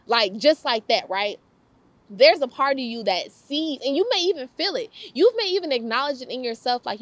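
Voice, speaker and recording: A young woman speaks in a casual devotional talk, her voice sitting a little high. She is lively and slangy, often repeating a phrase for emphasis and breaking into laughter between points. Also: normal speed, no room sound. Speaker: faith talk host.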